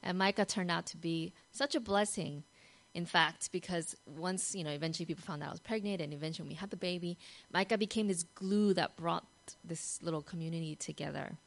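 A woman giving a devotional talk. She tells the story animatedly, often asks "right?", and moves from soft, hushed passages to loud, excited ones. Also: on the low side, a little fast, poor audio. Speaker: Christian devotional speaker.

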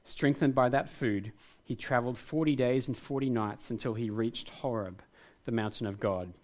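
A man's voice: mid-range voice, steady tone, normal speed, darkish tone. A man preaching a sermon, earnest and reflective, rising to passionate emphasis at times. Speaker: pastor.

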